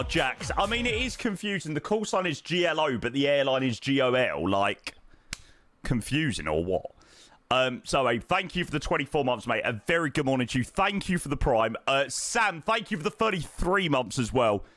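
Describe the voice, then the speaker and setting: A man's voice: medium pitch, animated, normal speed, fairly bright tone, no echo, faint music behind. A young man streams from home, chatting casually and thanking viewers in a self-deprecating way. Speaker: flight simulator streamer. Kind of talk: casual live-stream chat.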